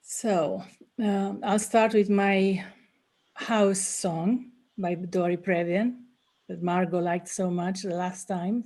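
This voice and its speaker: A woman hosting a gathering from home over a video call, speaking softly and gently. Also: medium pitch, steady tone, slow pace. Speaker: salon host. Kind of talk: welcoming remarks at an online gathering.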